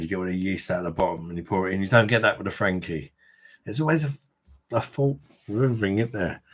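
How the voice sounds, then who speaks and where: A man with a low, slightly rough voice hosts a casual beer review livestream from his room at home. He banters and reads out comments from viewers.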